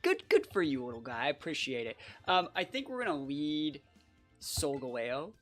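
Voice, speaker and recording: A young adult giving casual, excitable live gameplay commentary as a channel host, full of "like" and "bro". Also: medium pitch, normal speed, soft background music. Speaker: competitive battle player and channel host.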